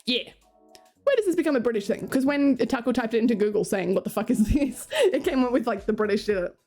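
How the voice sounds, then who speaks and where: A woman's voice: on the high side, sing-song, a little fast, dark tone, slightly rough. A young Australian woman streaming, chatting casually with her viewers and reading chat aloud, laughing often. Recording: faint music behind.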